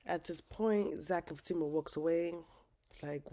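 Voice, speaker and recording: A woman with a low, mellow voice runs through a TV episode recap. Her talk is loose and slangy, with frank swearing dropped in casually. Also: moderate pace. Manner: slangy, candid, swears freely. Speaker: TV recap vlogger.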